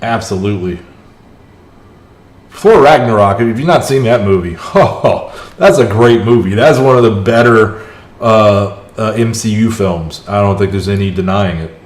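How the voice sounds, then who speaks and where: A man's voice: lowish voice, unhurried. A man streaming a mobile strategy game, chatting with his viewers and talking through each move as it happens. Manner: chatty, reacts aloud to the match, chats with viewers. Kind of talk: live gameplay commentary. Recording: roomy echo.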